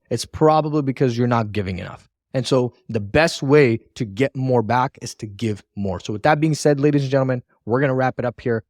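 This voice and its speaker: A man's voice: mid-range voice, a little mellow, dry recording, studio quality. A man teaching a recorded sales training lesson in a coaching tone, often checking in with "all right" and "right?".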